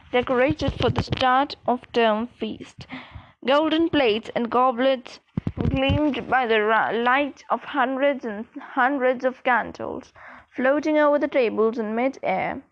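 A woman reading a novel aloud slowly and carefully, with small slips and restarts. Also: high-pitched, dull audio. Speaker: reader. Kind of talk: amateur audiobook reading.

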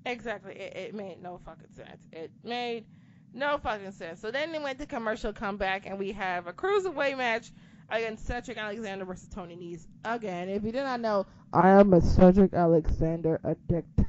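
A woman in casual chat who rants with lots of swearing and animated outbursts. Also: medium pitch, moderate pace. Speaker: co-host discussing wrestling. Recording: dull lo-fi recording with faint noise.

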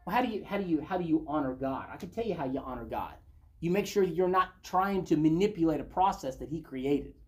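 A man's voice: a little high, animated, fast. A man leading a Bible study, reading passages aloud and commenting on them in a conversational way.

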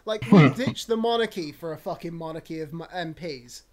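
High-voiced, unfiltered young British man. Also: brisk, crowd noise. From United Kingdom. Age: 20s. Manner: unfiltered, swears freely, animated storytelling. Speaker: podcast host. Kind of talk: casual conversation.

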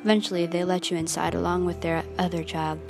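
A woman's voice: on the low side, flat delivery, quick pace, vocal fry. A young woman telling a story in the second person, dramatic and questioning, with music behind.

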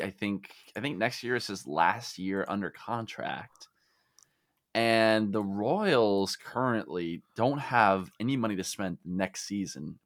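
A man co-hosting a casual podcast, talking in an animated way, with his voice jumping up when he makes a point. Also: fairly low pitch, no room sound, studio quality. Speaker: podcast co-host. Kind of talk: casual chat about a fantasy baseball league.

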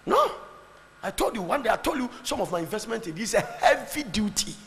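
Fervent preacher with a gravelly voice. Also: male voice, big pitch swings, brisk. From Ghana. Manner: fervent preaching, swings between shouting and low asides. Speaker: pastor. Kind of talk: sermon. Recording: long hall reverb, faint background noise.

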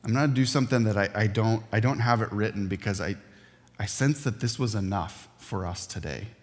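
A man preaching a sermon as a pastor, earnest and emphatic, with dramatic pauses. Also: fairly low pitch. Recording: long hall reverb.

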